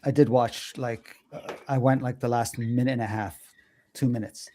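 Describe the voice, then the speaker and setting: Man, 40s, guest co-host, mellow dark tone, hesitant, halting. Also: mid-range voice, little pitch movement. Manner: hesitant, lots of fillers and restarts. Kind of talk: casual livestream conversation.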